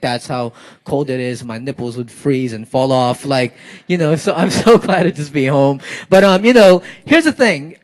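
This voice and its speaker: A man's voice: medium pitch, darkish tone. A young man from South Florida, a spoken word poet talking animatedly to a live crowd with lots of "like" fillers, then performing a poem.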